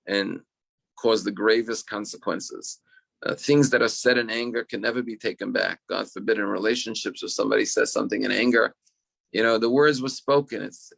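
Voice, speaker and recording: Gravelly-voiced rabbi telling a story. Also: male voice, fairly low pitch, fairly bright tone. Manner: storytelling, earnest, repeats words when restarting. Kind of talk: online Torah class.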